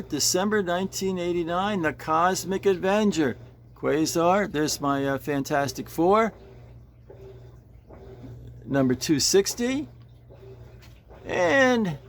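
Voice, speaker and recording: A man's voice: a little high, creaky, a little hiss or hum. A man vlogging casually at home, stammering, repeating words and restarting sentences as he rambles in an earnest, homespun way. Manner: earnest and homespun, fond of small comforts. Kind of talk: casual vlog talk to camera. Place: at home, later filming by a pool.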